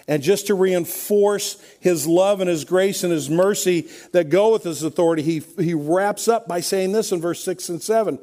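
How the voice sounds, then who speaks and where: Pastor guy preaching, high-ish voice, chatty but punchy, repeats lines for emphasis. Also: normal speed, few pauses, dark tone. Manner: conversational, emphatic, building to repeated refrains. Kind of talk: sermon.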